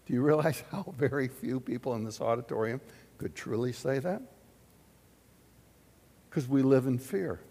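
Animated preacher in an echoing auditorium. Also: male voice, medium pitch, normal speed, pauses often, slightly rough. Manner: animated, questioning the audience, big swings in loudness. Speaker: pastor. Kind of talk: sermon.

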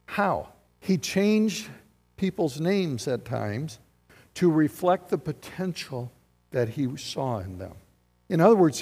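Pastor guy preaching, slightly high voice, long church echo, soft music under. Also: moderate pace. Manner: animated, conversational preaching with rhetorical questions. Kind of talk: sermon.

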